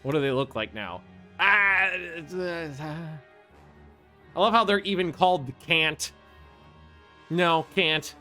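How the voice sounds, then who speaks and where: A man giving casual, chatty commentary on his strategy game, thinking aloud and getting easily excited. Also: a little high, takes it slowly, pauses often, faint music behind. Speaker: video game streamer. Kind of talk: casual let's-play commentary.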